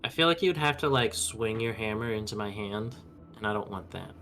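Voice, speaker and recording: Low-ish voice dude playing d&d on stream, joking around, laughs a lot, keyboard clacking. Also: male voice, expressive, fairly quick, a bit bright, faint music behind. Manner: playful, laughs easily. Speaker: player. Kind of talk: casual tabletop chat.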